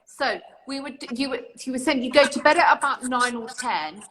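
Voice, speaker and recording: A woman's voice: sits high, normal speed, a bit bright, a little hiss or hum. Chatty British woman host. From UK, near London. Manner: reassuring, chatty, thanks viewers by name. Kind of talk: live online interview chat.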